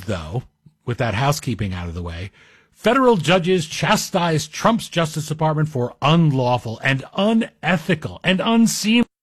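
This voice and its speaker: A man's voice: a little high, husky, no echo. A man guest-hosting a talk radio show, speaking in a rambling, self-deprecating, conversational monologue into a studio microphone.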